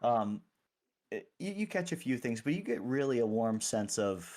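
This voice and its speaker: A man's voice: medium pitch, very animated, moderate pace, darkish tone. A man narrating as game master of a tabletop game, talking hesitantly with many restarts and easy laughter.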